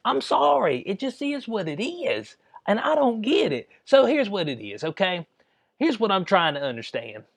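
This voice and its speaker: A man's voice: high voice, very animated, moderate pace, creaky, dry recording. A man hosting his own channel, ranting in casual slang with exasperated asides. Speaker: channel host. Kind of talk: ranting commentary vlog.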